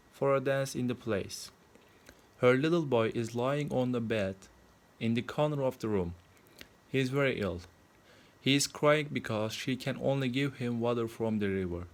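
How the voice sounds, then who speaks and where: A man's voice: medium pitch, moderate pace, natural voice. A man voicing a sorrowful male statue prince in a plainly read storybook.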